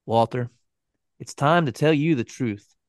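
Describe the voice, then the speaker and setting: A man's voice: mid-range voice, unhurried, no echo, clean studio sound, natural voice. A man voicing a sadistic, taunting adult killer who mocks and gives orders in a true-crime story reading. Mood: cold, taunting. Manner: mocking, cruel, commanding.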